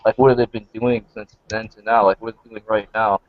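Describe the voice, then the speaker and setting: A man's voice: lowish voice, flat delivery, fast, phone-quality sound. A man in his late twenties telling rambling stories in a casual group chat, full of fillers. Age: 20s. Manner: rambling, filler-heavy storytelling. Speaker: participant.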